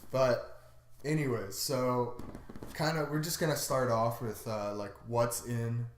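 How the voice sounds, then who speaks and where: رجل يتحدث بعفوية في غرفة ذات صدى. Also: male voice, medium pitch, steady tone, slow pace, slight background noise. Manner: laid-back, hedging with fillers. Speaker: podcast co-host. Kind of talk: casual chat. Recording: roomy echo.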